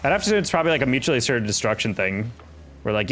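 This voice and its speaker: A man's voice: mid-range voice, sing-song, rapid-fire, fairly bright tone, slight background noise. A young man chatting casually on a live game stream, rambling and reacting to chat while he plays.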